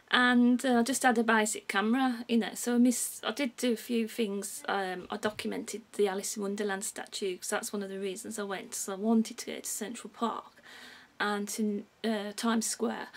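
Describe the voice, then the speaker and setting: On a rough recording with music clearly playing behind her, a woman speaks in a fairly high voice with a Brummie accent. The English vlogger chats casually to camera, rambling, giggling and losing her train of thought.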